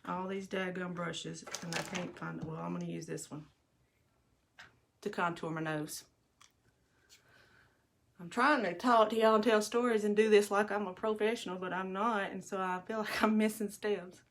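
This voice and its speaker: A woman's voice: mid-range voice, steady tone, moderate pace, gravelly. A middle-aged woman, telling stories in a rambling, chatty way to viewers while doing her makeup at home. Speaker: livestream host. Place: bathroom at home.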